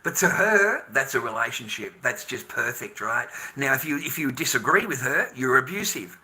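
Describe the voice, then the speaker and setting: A man's voice: medium pitch, lively intonation, moderate pace, sharp tone. An Australian man in his fifties on a livestream, lecturing the men in his audience in a heated, profane rant. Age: 50s. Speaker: livestreamer addressing viewers. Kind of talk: ranting livestream monologue.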